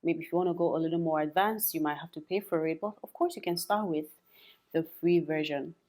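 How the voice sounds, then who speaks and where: A woman's voice: low-pitched, a little fast, darkish tone. A young adult woman teaching English in a chatty spoken lesson, repeating words for practice and laughing often.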